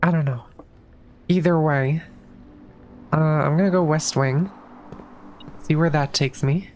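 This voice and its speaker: Slight background noise accompanies this woman's deep, unhurried, darkish voice as she plays a puzzle game on stream. Her casual commentary talks through each move, with frequent sentence restarts and easygoing swearing as she thinks out loud.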